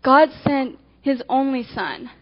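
A woman giving a devotional talk, telling acted-out illustrations with animated emphasis that speeds up and slows down. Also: sits high. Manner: animated storytelling, swinging between quick and slow emphasis. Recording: dull lo-fi recording.

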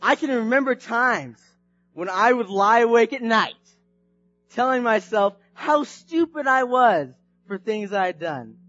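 A man preaching through a personal story, animated and swinging from hushed to shouting. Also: very high voice, measured pace, no room sound, highs cut off, soft background music. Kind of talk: storytelling sermon.

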